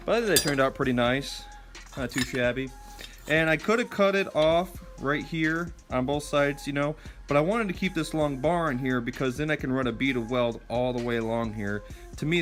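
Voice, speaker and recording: A man chatting casually as he works on a go-kart in his garage, explaining each step and often pausing with fillers. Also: medium pitch, fairly bright tone. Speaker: vlogger building a go-kart.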